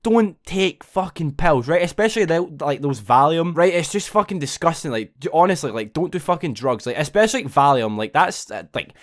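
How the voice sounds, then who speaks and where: Fast-talking young man, swearing a lot. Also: fairly high pitch, animated. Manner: rambling, swears constantly, ends phrases with "right?". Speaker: vlogger. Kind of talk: casual storytelling to camera.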